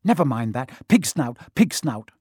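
A man's voice: mid-range voice, sing-song, measured pace, slightly rough, no room sound, studio quality. Brief: jittery young wizard boy, read by a man, storybook reading. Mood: tense. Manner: hushed, then urgent.

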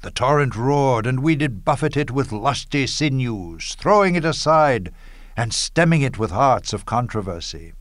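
An actor playing Cassius, a bitter, scheming Roman nobleman, reading Shakespearean verse in a measured, declamatory way with bursts of scorn. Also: medium pitch, animated, no echo, studio quality, natural voice. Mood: persuasive.

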